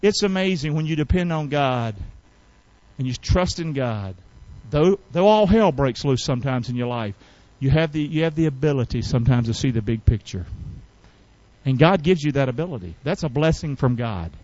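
A man preaching a sermon in a folksy, colloquial way, calling on the congregation to repeat after him and rising to shouts. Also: medium pitch, lively intonation, normal speed, dry recording, muffled recording. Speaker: pastor.

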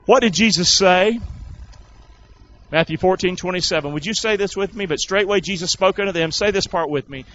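A male preacher, leading a sermon with call-and-response and swinging from loud exclamations to hushed asides in a folksy way. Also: sits high, fairly quick, slight background noise. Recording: dull lo-fi sound.

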